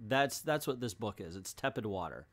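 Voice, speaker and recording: A man's voice: lowish voice, lively intonation, moderate pace. A middle-aged man hosting a casual comic book review, rambling and hesitant with bursts of exasperated, joking complaint. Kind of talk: casual video review monologue.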